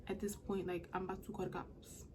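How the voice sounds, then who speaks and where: A woman's voice: lowish voice, little pitch movement, fairly quick, noisy background. A young woman vlogger telling a storytime in a casual, chatty way, with a lot of "like". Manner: chatty, lots of "like".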